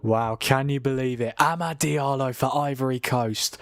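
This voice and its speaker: A man hosting a late-night football watchalong from home, excitable and laughing, swearing as he reacts to the match. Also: mid-range voice, normal speed, hardly any pauses, dry recording, clean studio sound. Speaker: watchalong host. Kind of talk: live football watchalong commentary. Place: home at night, keeping quiet.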